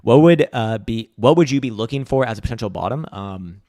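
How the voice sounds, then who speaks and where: A man's voice: medium pitch, animated, fairly quick, dark tone, no room sound, studio quality. A man giving casual, rambling chart commentary on a livestream, loose and profane, full of fillers. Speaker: market analysis streamer.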